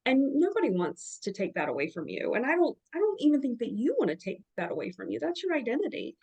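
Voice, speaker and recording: Brief: Southern woman therapist, somewhat high voice, reassuring and emphatic, heard over a video call. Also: big pitch swings, fast, gravelly, husky. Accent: Southern US (Alabama). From Alabama, USA. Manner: warm encouraging, emphatic repetitions. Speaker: therapist hosting a group session. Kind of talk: supportive group advice on a video call.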